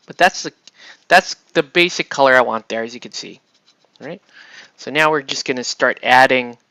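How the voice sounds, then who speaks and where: This miniature painting host has a mid-range voice with vocal fry, pushed and bright, and no echo. Chatty and rambling while he paints, he keeps asking "right?" through his casual tutorial. The audio is dull, lo-fi and dry.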